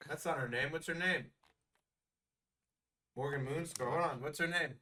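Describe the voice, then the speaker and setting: A young man co-hosting a casual podcast, animated and slangy, repeating himself for emphasis. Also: on the high side, normal speed, far from the mic. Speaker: podcast co-host.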